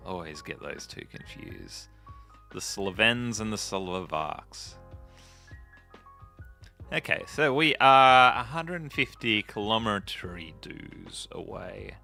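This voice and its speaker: A gaming video host with a fairly low, creaky voice and a sharp tone chats and jokes casually as he plays. His gameplay commentary keeps rambling off into stories.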